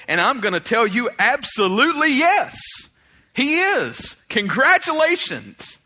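A man preaching a sermon, animated, swinging between loud exclamations and quiet reflection, laughing often. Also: high-pitched, a little slow. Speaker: pastor.

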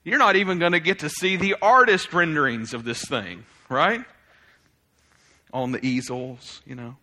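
A man preaching a sermon, animated, swinging between loud exclamations and quiet reflection, laughing often. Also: fairly high pitch, normal speed. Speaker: pastor.

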